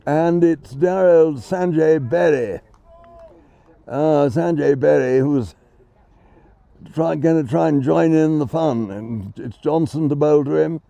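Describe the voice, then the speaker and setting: A man's voice: on the high side, takes it slowly, vocal fry, mellow, no room sound. A man giving chatty, self-deprecating live ball-by-ball cricket commentary. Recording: dull lo-fi sound.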